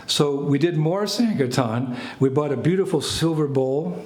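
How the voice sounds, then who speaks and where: An older American man, a spiritual teacher, telling a lively story to a small group. He laughs and acts out phrases as he goes. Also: fairly high pitch, normal speed. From United States. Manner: animated anecdotes, laughs, acts out French phrases. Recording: echoey room with faint ambient noise.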